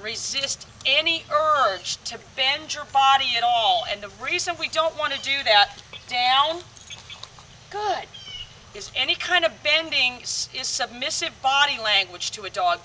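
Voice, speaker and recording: A woman dog trainer walks viewers through an outdoor training lesson, explaining each step plainly. Her voice is very bright, and it is picked up from a distance with a faint hiss in the background. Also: high voice, normal speed, few pauses. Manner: explains steps plainly, addresses viewers directly. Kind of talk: instructional training demo. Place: outdoors on a rural training field.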